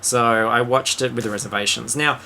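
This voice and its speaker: A man with an Australian accent, co-hosting a casual podcast chat, ranting and swearing with quick asides. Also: medium pitch, steady tone, vocal fry, bright, forceful tone, a little hiss or hum. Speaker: podcast co-host.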